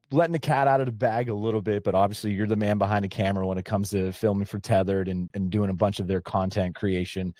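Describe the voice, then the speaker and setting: Man, podcast host, low voice, mellow tone, rambling casual storytelling, dry close mic. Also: dry recording. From Pennsylvania. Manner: rambling storyteller, many restarts and "like"s.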